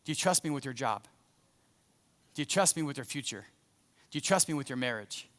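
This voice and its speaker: A man voicing God as a calm, fatherly male figure who asks slow, searching questions. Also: mid-range voice, pitched below the performer's own voice, lightly acted. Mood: solemn. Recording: echoey church hall.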